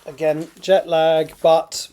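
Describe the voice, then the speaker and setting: A man's voice: on the high side, little pitch movement, slow pace, noisy background. A tired man, an author, reading his own draft aloud and muttering asides to himself while editing.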